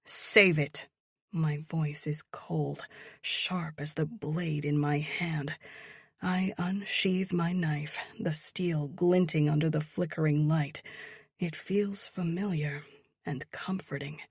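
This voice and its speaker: A woman reads a first-person romance audiobook in a low, husky voice. She takes her time, keeping much of it hushed and breathy, close to a whisper. The sound is close and dry. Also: steady tone, slow pace, no echo. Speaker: audiobook narrator.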